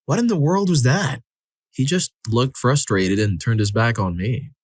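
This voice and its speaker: A man reading listener stories aloud as the narrator of a compilation, in an expressive, dramatic style that acts out the quotes. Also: medium pitch, measured pace, breathy edge, no echo. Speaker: story narrator. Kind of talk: scripted narration of reader stories.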